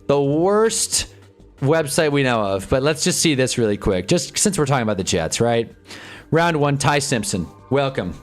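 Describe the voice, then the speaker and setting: A man hosting a live stream, chatting casually and sarcastically in a rambling, animated way, reading chat and reacting as he goes. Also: mid-range voice. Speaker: livestream host.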